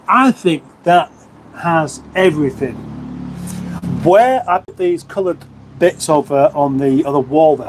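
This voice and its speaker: A man's voice: fairly high pitch, a little mellow, slight background noise. A middle-aged man from England hosting a casual livestream from his lockup garage, chatting and reading out viewer comments with self-mocking, rambling asides. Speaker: livestream host. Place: lockup garage in front of a fridge.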